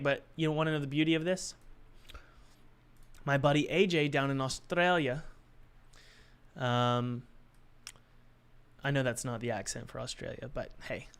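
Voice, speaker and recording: A man's voice: medium pitch, gravelly, a bit bright, smooth. A young man chatting casually on a live stream, joking and thinking aloud while he works on his game.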